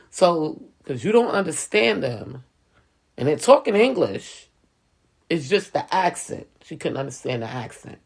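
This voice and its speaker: Raspy, animated woman telling a story. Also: on the low side, measured pace. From Hispanic and Native American heritage, US. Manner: animated, chatty, says "you know" often. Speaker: school speaker, sales professional. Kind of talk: casual storytelling.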